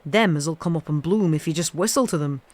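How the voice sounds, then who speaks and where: Low, gentle Yorkshire moor boy, hushed and unhurried, voiced by a woman reading a storybook. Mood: eager. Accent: Yorkshire dialect, put on. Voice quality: low soft voice. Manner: slow, hushed, easy.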